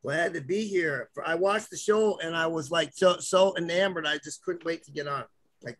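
High-voiced joking comedian guest. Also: male voice, normal speed, fairly bright tone. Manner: joking and self-deprecating. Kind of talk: casual banter.

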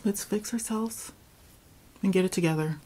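A woman's voice: medium pitch, normal speed, heavy background noise. A young woman giving casual, profane, sarcastic commentary as she plays a video game. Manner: profane, sarcastic, trash-talking. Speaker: gaming vlogger. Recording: music playing behind voice.

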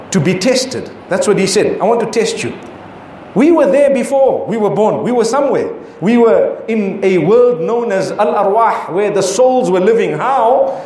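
A man's voice: high-pitched, darkish tone, slight background noise. A middle-aged man giving a sermon as an Islamic preacher, emphatic and full of rhetorical questions. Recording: echoey hall with faint ambience.

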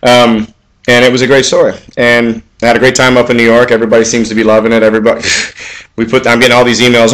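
A forty-year-old man speaking at an everyday middle pitch in a loose, rambling monologue. He trips over restarts and fillers, drops casual profanity, and climbs in pitch and volume whenever he starts handing out advice. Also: flat delivery, quick pace. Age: 40s. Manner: gets louder and higher when ranting with advice. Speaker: vlog host.

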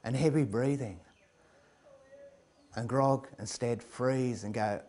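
Man, storyteller, comic tale, lively, chuckles, middle pitch. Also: slow pace, long pauses. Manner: lively, chuckling, builds to loud climaxes.

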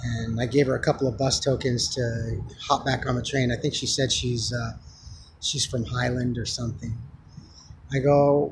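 A man vlogging outdoors, telling a story in a rambling, halting way with many restarts. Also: mid-range voice, flat delivery, slight background noise. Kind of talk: casual storytelling vlog. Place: outdoors on the street.

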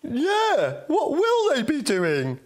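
A friendly puppet monkey who is easily amazed and answers with oohs and gasps, as a performer puts him on. He talks slowly and swoops hugely up and down in pitch in a children's puppet show. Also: huge pitch swings, exaggerated voice. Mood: eager. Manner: slow, reacts with oohs and gasps.

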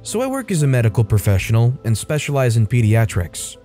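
A man reading a first-person online story aloud as scripted narration, in a steady, even way. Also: medium pitch, a little fast, faint music behind.

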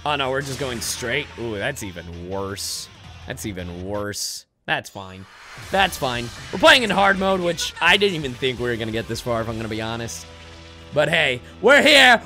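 A young man giving excited gameplay commentary, yelling and trash-talking his opponent as he plays a fighting game. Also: mid-range voice, moderate pace, faint music behind. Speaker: gaming YouTuber playing a fighting game.

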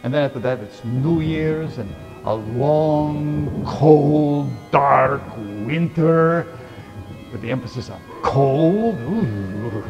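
A man's voice: on the high side, takes it slowly, creaky, dull audio, over music. A man playing a campy vampire count who hosts a horror show, cracking corny jokes and laughing at them. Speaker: horror host.

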